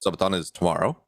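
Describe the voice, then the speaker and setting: A young man co-hosting a podcast in a relaxed, chuckling chat full of fillers. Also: low-pitched, breathy edge, no echo. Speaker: podcast co-host and editor.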